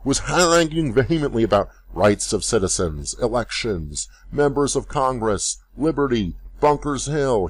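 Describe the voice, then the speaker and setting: Low-pitched male storyteller, measured, expressive graded-reader narration. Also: breathy edge.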